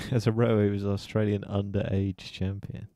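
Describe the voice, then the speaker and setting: A man's voice: on the low side, level tone, normal speed, gravelly, warm tone, dry recording. A man streaming prank calls, bantering crudely and joking as he goes. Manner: crude, joking, laughs at own lines. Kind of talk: casual live-stream banter.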